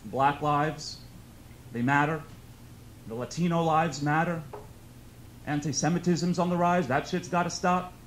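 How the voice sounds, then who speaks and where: A man's voice: fairly high pitch, fairly even intonation, unhurried, long pauses, a little hiss or hum. Young man doing a stand-up set. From New York. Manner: conversational storytelling, bursts into loud shouted outbursts. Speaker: stand-up comedian. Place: comedy club stage.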